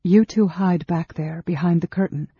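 A woman's voice: lowish voice, moderate pace, breathy edge, no echo, highs cut off. A narrator voicing Sarah, a tense, earnest woman who speaks with urgency. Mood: urgent.

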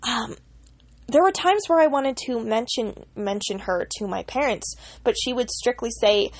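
A woman's voice: a little high, moderate pace, dry recording. A young woman casually telling a personal story in a rambling way, full of restarts and fillers.

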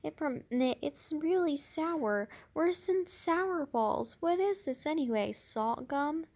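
A woman's voice: sits high, animated, slow pace, a little mellow, pitched above the performer's own voice, full character voice. A woman reading a children's book aloud, voicing a whiny, tattling little boy. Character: pesky little boy, younger brother.

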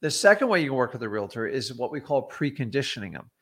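A middle-aged man hosts a casual livestream lesson on real estate. He talks bluntly and chattily, with plenty of ums and side remarks, at an ordinary pitch. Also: very animated, quick pace, fairly bright tone. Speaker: real estate investor teaching wholesaling.

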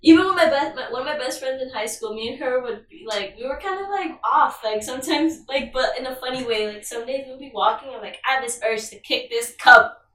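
A woman's voice: high voice, fairly quick, fairly bright tone, recorded from a distance. A young woman in casual chat, rambling through childhood memories, full of "like" and frequent giggles. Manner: giggly, rambling, filler-heavy. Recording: echoey room, away from mic.

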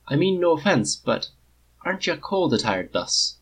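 A gentle, bashful young king with a clear, warm voice, set a few steps higher than the reader's own. A man reading a storybook puts him on. He sounds courteous and a little apologetic. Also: very animated, normal speed, full character voice. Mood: polite. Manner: polite, apologetic, embarrassed.

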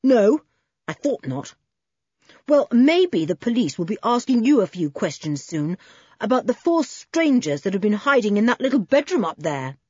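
A woman's voice: a little high, very animated, moderate pace, a little mellow, husky, no echo, muffled recording, voice pushed up. Woman doing a cool, firm teenage boy. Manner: cold and firm.

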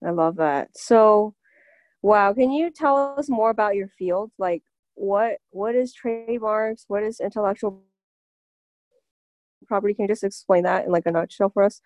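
A woman's voice: medium pitch, moderate pace, a little mellow, dry recording. A woman hosting a podcast, asking questions with enthusiasm and often affirming her guest. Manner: enthusiastic interviewer, frequent affirmations. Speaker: podcast host. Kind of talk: casual podcast interview.

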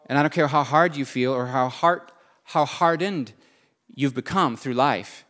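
A man preaching a sermon, earnest, moving between soft and emphatic delivery. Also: medium pitch.

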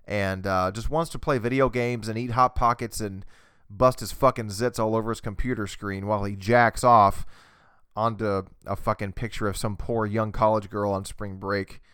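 A podcast host rants crudely and mockingly into a desk USB microphone, profane and mimicking voices for comedic effect. His fairly low voice is smooth and a bit bright, with fairly even intonation at normal speed. Studio quality, no echo.

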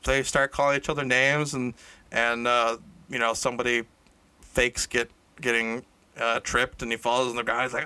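Man, casual comic storyteller, rambling, self-correcting, bright voice, dry close sound. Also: medium pitch, little pitch movement, moderate pace, clear, resonant tone, dry recording. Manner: rambling, self-correcting, laughs at own jokes. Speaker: storyteller improvising a tale. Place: indoor room shared with a co-host.

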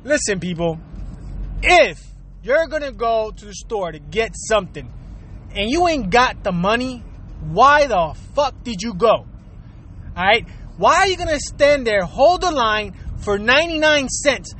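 A man from Florida with a strikingly high voice hosts his own show and delivers a profane rant. He sounds exasperated and keeps circling back to the same complaints. He swears freely and drops Spanish words into his talk. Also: sing-song, unhurried, bright, forceful tone, a little hiss or hum. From Florida, USA. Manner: exasperated, repetitive, swears a lot. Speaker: show host.

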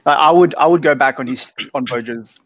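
A man's voice: mid-range voice, fairly quick, fairly bright tone, highs cut off, a little hiss or hum. A young Australian man co-hosting a podcast, easygoing and agreeable in casual chat. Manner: easygoing, agreeable, laughs along. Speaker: podcast co-host.

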